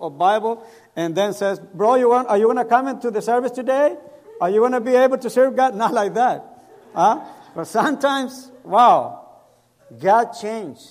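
High-voiced pastor preaching in an echoey hall. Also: male voice. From El Salvador. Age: middle-aged. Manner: storytelling, acts out quoted voices, non-native grammar. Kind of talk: sermon with personal stories.

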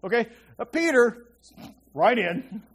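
A male preacher delivers an informal sermon. His pitch rises and falls in lively swings, and he keeps turning to his listeners to check they are following. When he reaches a key point, he sinks to a hushed voice. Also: slow pace, vocal fry, husky. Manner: chatty, checks in with listeners often. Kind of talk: conversational Bible teaching.

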